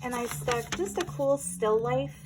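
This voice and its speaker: A woman's voice: high voice, a little slow, music in the background, rough recording. A woman chatting casually through a craft journal flip-through, with playful self-aware asides. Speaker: junk journal crafter showing her work. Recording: noticeable background noise.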